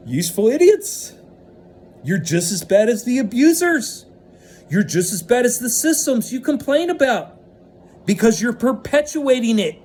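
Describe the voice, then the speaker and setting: Husky man ranting, profane and intense. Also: high voice. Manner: ranting, profane, swings between loud and hushed. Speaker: vlogger. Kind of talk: unscripted monologue to camera.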